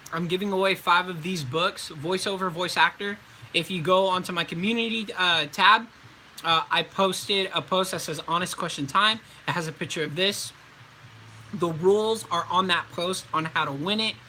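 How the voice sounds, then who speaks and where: Bright, high-voiced young man chatting. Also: a little hiss or hum, low-quality recording. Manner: laid-back and chatty, with slangy asides. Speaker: voice actor and live streamer. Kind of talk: casual live stream Q&A.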